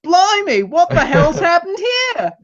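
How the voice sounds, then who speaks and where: A man doing a quick impression of an unflappable young woman companion, with breezy, shrugging exclamations. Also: very high-pitched, wildly swooping pitch, fairly bright tone, highs cut off, voice pushed up, exaggerated voice. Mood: unfazed.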